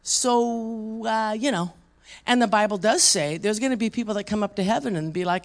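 Gravelly-voiced woman preaching a sermon. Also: medium pitch, moderate pace. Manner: conversational, asks the room questions; acts out quoted voices.

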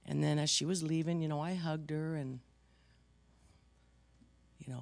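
A pastor preaching a sermon in a conversational, animated storytelling manner, self-deprecating and lively. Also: mid-range voice, a little slow, gravelly, long pauses, no room sound.

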